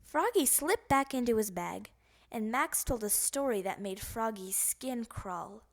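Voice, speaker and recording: A woman reading a children's picture book aloud in a high, very animated voice. She takes her time and plays up the sound words with relish. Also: unhurried. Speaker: storybook reader.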